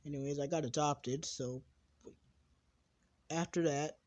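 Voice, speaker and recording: A man's voice: fairly high pitch, fairly even intonation, unhurried. A young man casually making up a fan anime story as he goes, often interrupting himself and trailing off. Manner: rambling, self-interrupting, trailing off quietly. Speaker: channel host telling a fan story.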